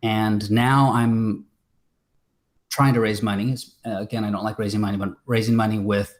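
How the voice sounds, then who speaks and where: Man, low register, loose rambling talk over a video call, lots of ums. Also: fairly even intonation, moderate pace. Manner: rambling, many fillers and restarts. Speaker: filmmaker guest. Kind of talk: casual interview chat.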